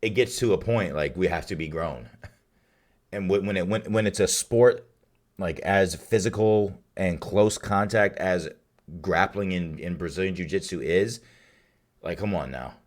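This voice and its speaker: Man, very low voice, raspy, worn out, streamer chatting to viewers. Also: unhurried. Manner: upbeat, rambling shout-outs to chat. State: tired. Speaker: streamer hosting a watch party. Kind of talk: casual live-stream sign-off chat.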